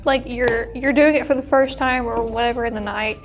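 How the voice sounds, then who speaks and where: A woman's voice: fairly high pitch, steady tone, brisk, music in the background. A teenage woman co-hosting a podcast, chatting casually with frequent giggles and restarts. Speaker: podcast co-host. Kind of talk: casual chat.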